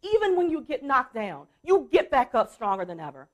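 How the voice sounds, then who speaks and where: Lively high-voiced woman giving a motivational speech. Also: moderate pace, lo-fi sound. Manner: emphatic, repetitive, storytelling, addresses audience as y'all. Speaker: motivational speaker and coach. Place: stage at a conference.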